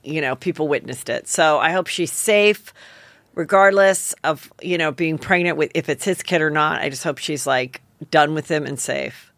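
Chatty gossiping woman, low and dry. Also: moderate pace, a bit bright, dry recording. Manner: rambling, chatty, many fillers and self-corrections. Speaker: podcast host. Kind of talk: casual gossip chat.

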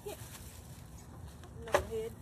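A woman's voice: a little high, sing-song, takes it slowly, very noisy. A woman in a casual vlog, scolding her chickens in an exasperated, chiding way in an outdoor backyard garden, filmed on a phone. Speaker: backyard homesteader.

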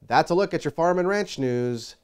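A man reading a scripted farm and ranch news report as the program's anchor, in an upbeat, measured newscaster delivery. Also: a little high, animated, darkish tone, clean tone.

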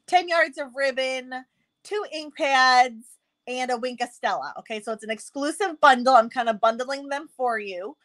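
A woman's voice: high voice, fairly bright tone. A woman hosting a live crafting stream, chatty and bubbly, greeting viewers by name and laughing often. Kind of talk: casual live-stream chat.

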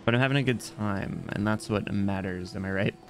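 A man giving excitable, exclamatory live commentary as he plays a game and chats with his viewers. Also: on the low side, a little fast, soft background music. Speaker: streamer.

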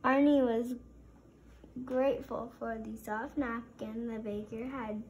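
A woman reading a children's story aloud in a gentle, expressive way. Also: a little high, slow, muffled recording, slight background noise. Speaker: storybook reader.

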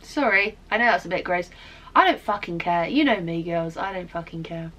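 A woman's voice: lowish voice, animated, normal speed, lo-fi sound, background noise. A young woman, ranting in a casual vlog, dramatic, sweary and self-mocking. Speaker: vlogger.

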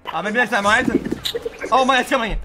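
A man streaming a game, talking to players over voice chat in a fast, overly apologetic, mock-polite way. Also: extremely high pitch, noisy background. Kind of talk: live-stream gaming chat. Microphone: game controller mic.

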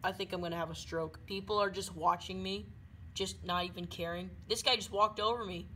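A woman doing loud, silly running commentary while playing a game. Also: mid-range voice, fairly even intonation, fairly quick, a little hiss or hum. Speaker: gaming video creator.

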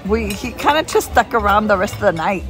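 A woman's voice: medium pitch, lively intonation, brisk, over music. A woman in her fifties casually telling a story in a restaurant, acting out both sides of old conversations. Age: 50s. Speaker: interviewee telling how she met her husband.

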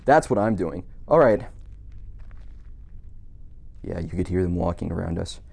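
A man's voice: low-pitched, expressive, measured pace, creaky, darkish tone, breathy edge. A man giving jokey, profane commentary while playing a horror game, nervous and talking to himself. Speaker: gamer.

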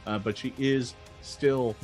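A man narrating as game master in a relaxed, joking way, with many fillers. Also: mid-range voice, slow pace, soft background music.

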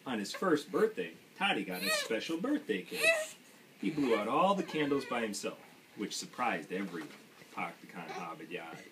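A man reads a children's picture book aloud, putting on a broad Maine accent with playful exaggeration. His voice sits fairly low, and he drops to a soft mutter for a recurring refrain. A faint background hum runs under the home recording. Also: huge pitch swings, normal speed. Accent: put-on Maine accent. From Michigan. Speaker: reader.

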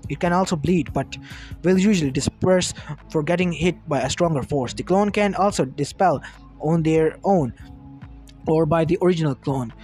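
A man's voice: a little high, normal speed, a little mellow. A man reading a fan fiction story aloud, with small stumbles and restarts. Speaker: narrator. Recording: music under the voice. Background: lofi background music.

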